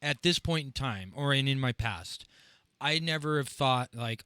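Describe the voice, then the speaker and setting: Bright-voiced man rambling casually. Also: medium pitch, animated, a little slow, clear, resonant tone, no echo. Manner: rambling, full of fillers and restarts. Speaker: podcast host and drummer. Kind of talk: casual interview chat.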